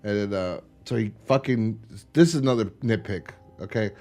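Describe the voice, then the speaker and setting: A man's voice: fairly low pitch, normal speed, darkish tone. A young man co-hosting a podcast, rambling casually, laughing and swearing, acting out quotes from scenes. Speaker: podcast co-host.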